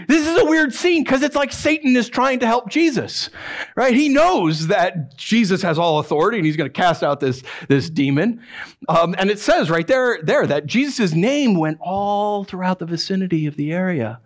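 Animated, high-voiced male pastor. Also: normal speed. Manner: animated, conversational, acts out voices. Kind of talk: sermon.

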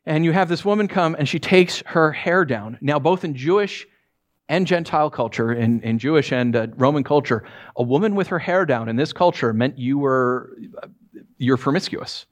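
High-voiced man preaching conversationally. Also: normal speed. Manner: animated storytelling, asks the audience questions. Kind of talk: conversational sermon.

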